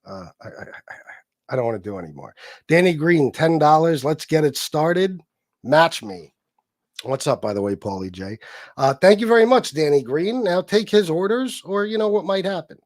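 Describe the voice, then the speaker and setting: A man's voice: fairly high pitch, big pitch swings, normal speed, darkish tone, no echo, clean studio sound. Foul-mouthed man ranting on a livestream. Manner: angry, combative, heavy swearing. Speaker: livestream host reading chat. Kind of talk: profane live-stream rant and shout-outs.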